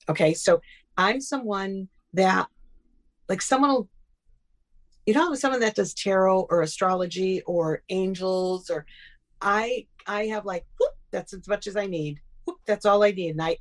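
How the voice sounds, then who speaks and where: A middle-aged woman telling personal stories in a casual interview, acting out quoted dialogue. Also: mid-range voice. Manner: animated, acts out quoted dialogue. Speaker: guest.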